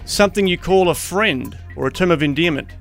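A man's voice: a little high, brisk, gravelly, fairly bright tone, soft background music. A man co-hosting breakfast radio and reading out quiz prompts, upbeat and encouraging. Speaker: radio co-host running a quiz.

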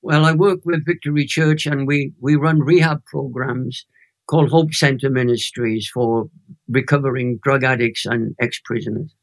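A Welshman in his eighties telling a personal testimony as an interview guest, lively and emphatic, building to emotional high points. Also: normal speed. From Wales. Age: 80s. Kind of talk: animated storytelling testimony.

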